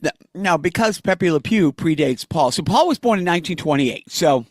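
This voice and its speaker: A man co-hosting a podcast, telling lively stories in casual chat. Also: fairly high pitch, normal speed, no room sound, clean studio sound. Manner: lively storytelling. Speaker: podcast co-host.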